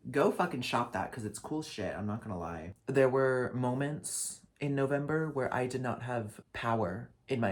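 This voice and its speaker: Young man ranting in a dramatic vlog. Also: medium pitch. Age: young adult. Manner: dramatic, swears a lot, swings between loud rants and flat asides. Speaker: vlogger and drag performer. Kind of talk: casual year-recap vlog. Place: apartment lit only by a ring light.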